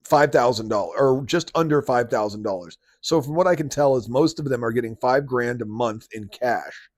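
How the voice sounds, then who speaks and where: A man's voice: medium pitch, normal speed, no echo, studio quality. A man hosting a podcast, ranting in casual commentary and sounding incredulous as he reacts. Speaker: podcast host.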